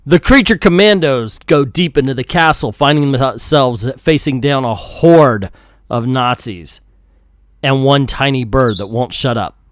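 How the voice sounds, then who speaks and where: A man's voice: medium pitch, measured pace. A man reading through and reviewing an old comic book in a jokey, casual way.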